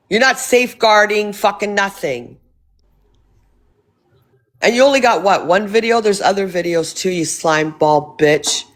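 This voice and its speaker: A woman hosting a live stream, angrily confronting a guest with profanity. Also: mid-range voice.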